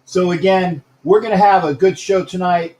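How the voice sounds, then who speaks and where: A man's voice: high-pitched, normal speed, a little mellow, reverberant, rough recording. A man hosting a casual live-streamed sports talk show, rambling, repeating himself and greeting viewers by name.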